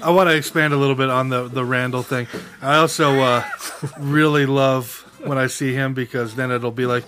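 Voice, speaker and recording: A man's voice: mid-range voice, fairly even intonation, fairly bright tone. Rambling profane man telling an anecdote. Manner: rambling, profane, halting restarts. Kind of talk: casual podcast storytelling.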